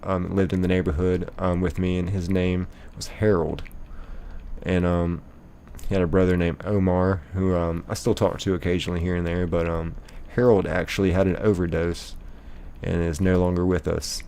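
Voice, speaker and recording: A man's voice: sits low, little pitch movement, normal speed, warm tone, slight background noise. A young man streaming live, casually reading chat messages aloud and rambling with lots of ums and likes.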